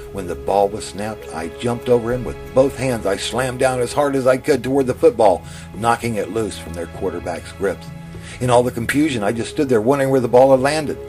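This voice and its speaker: A man telling his own memoir in the first person, in a plain, steady way. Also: fairly low pitch. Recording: music playing under the narration.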